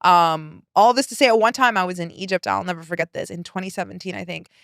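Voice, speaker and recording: A woman in her thirties, telling personal stories in a candid podcast chat, animated and swearing, acting out relatives' lines. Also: on the low side, quick pace, dry recording, studio quality. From Pakistani-American. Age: 30s. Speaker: guest.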